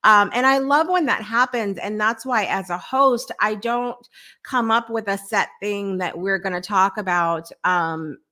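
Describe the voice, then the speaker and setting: A woman's voice: mid-range voice, unhurried, sharp tone. A woman hosting a live morning talk show, chatting in an upbeat way and reading out viewer comments.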